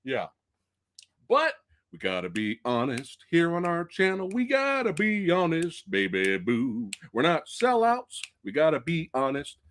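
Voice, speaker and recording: A man hosting a live-stream movie review show, chatting casually with viewers, excitable and swearing freely. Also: a little high, a little slow. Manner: chatty, addresses viewers directly.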